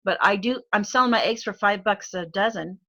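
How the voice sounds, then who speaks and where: A woman's voice: mid-range voice, a little fast, sharp tone. A middle-aged woman from Arizona with an Arizona accent, chatting as a guest, with lots of fillers and frequent laughs. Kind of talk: casual chat.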